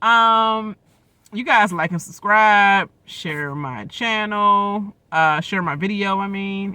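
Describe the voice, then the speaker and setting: Young male reaction vlogger: loud, slangy, high and bright-toned. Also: dry recording. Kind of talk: casual live reaction commentary.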